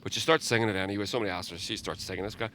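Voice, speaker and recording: A man's voice: on the low side, racing, a little hiss or hum. A man, hosting a podcast and telling stories in a casual chat, swearing and laughing often. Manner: swearing, laughing, animated storyteller. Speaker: podcast host, musician. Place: garden outdoors.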